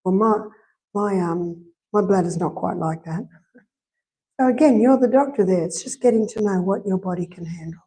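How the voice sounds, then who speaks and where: Mellow-voiced Australian woman lecturing. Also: mid-range voice, normal speed, vocal fry, rough recording. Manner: conversational, repeats points for emphasis, tells anecdotes. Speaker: health lecturer. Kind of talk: live health lecture. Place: church hall.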